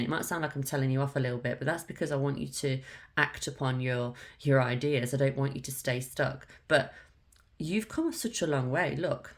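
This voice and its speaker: A woman giving a casual tarot reading to camera, frank and coaxing, swearing freely and often saying "look" and "like". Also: sits low. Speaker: tarot reader.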